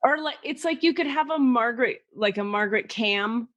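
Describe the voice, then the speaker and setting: A woman hosting a podcast, chatting in a playful, excitable way. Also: on the high side, moderate pace, highs cut off. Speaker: podcast host. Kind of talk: casual chat.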